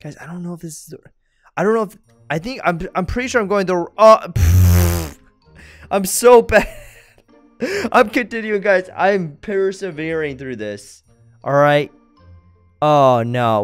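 Young male gamer, excitable commentary, smooth clear voice, faint music bed. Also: fairly high pitch, no echo. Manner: excitable, talks to viewers as guys, yelps when startled. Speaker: gaming YouTuber. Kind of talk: gameplay commentary.

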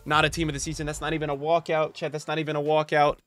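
A man's voice: fairly high pitch, monotone, rapid-fire, a bit bright, dry recording, faint music behind. A young man streaming a pack opening, hyped and chatty, talking straight to his chat. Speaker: gaming streamer.

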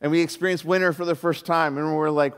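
A man's voice: on the high side, fast talker, clean tone, in a large hall. A man from Southern California preaching a sermon as pastor, telling stories animatedly and acting out the voices in them. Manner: animated storyteller, acts out quoted voices, many "like"s.

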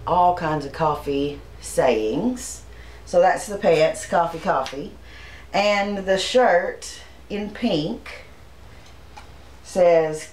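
A woman's voice: lowish voice, expressive, takes it slowly, echoey room, low-quality recording. A woman, from Arkansas, chatting casually and homily as she shows her shopping haul to the camera. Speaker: channel host.

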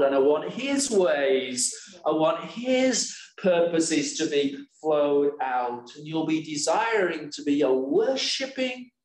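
A man preaching a sermon in a church, slow and emphatic, often asking rhetorical questions. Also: on the high side. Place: church hall. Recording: echoey church hall.

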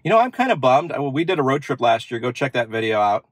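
A man's voice: mid-range voice, very animated, quick pace, dry recording. Chatty man demoing car features. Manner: chatty, upbeat, thinks aloud with fillers. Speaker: car channel host. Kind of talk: casual demo walkthrough. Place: inside a parked car.

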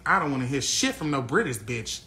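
A brash man hosting a phone livestream, swearing freely and trash-talking whoever joins. His voice swings all over the place, sharp and bright, jumping up into loud bursts. A faint noise sits under the phone audio. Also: medium pitch, very animated, fairly quick. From Little Rock, Arkansas, USA. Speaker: livestream host. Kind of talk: casual livestream chat.

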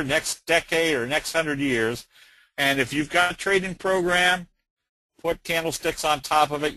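A middle-aged man talks through trading charts in a plain-spoken, folksy way, with many filler pauses. His voice is bright and a little high, recorded dry and close. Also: dry recording, low-quality recording. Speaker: trading educator. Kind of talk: webinar presentation.

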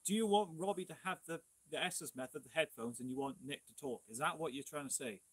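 A man's voice: fairly high pitch, fast talker, slightly rough, no room sound. A man with a Welsh accent, a paranormal investigator who questions and provokes spirits directly.

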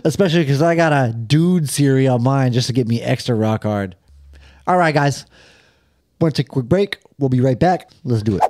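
Lively, profane young man hosting a podcast. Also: medium pitch, dry recording. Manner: excitable, profane, quick agreeing interjections. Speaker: podcast co-host. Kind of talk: casual crude podcast banter. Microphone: studio podcast mic.

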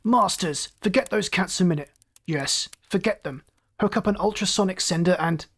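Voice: mid-range voice, moderate pace, lightly acted. A storyteller voicing a hot-tempered male chief engineer in an audiobook, roaring and snapping orders. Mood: gruff.

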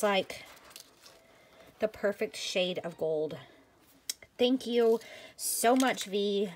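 A woman vlogging a mail unboxing in a gushing, excited, chatty way. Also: medium pitch, a little hiss or hum. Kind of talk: casual happy-mail unboxing vlog.

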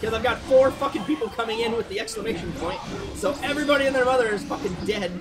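A man co-hosting a video game let's play, goofy and loud, with sudden shouts and swearing. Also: fast, music in the background. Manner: goofy, loud outbursts, swearing, put-on deep voice. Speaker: gameplay co-host.

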